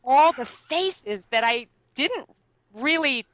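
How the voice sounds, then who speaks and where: A woman recounting a personal story with bright, forward energy. Her voice is crisp and close, with a dry, unreverberant sound. She chats freely, full of fillers and quick laughs. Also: high-pitched, expressive, no room sound, poor audio. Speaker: interview guest. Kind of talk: casual storytelling.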